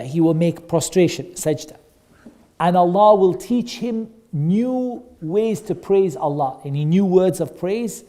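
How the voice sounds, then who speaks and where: Male teacher for a kids' class: high-pitched, soft mellow tone, animated storyteller who repeats himself and questions the children.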